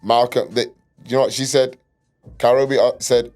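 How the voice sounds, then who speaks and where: A man's voice: medium pitch, steady tone, moderate pace, darkish tone, soft background music. A young man hosting a casual podcast chat, loose and joking with plenty of slang and swearing. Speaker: podcast host.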